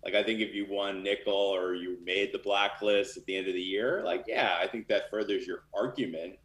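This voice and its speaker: A man's voice: deep voice, normal speed, fairly bright tone, echoey room. A man talking casually and candidly as a guest in an interview, with lots of fillers. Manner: loose and candid, many fillers. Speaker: literary manager.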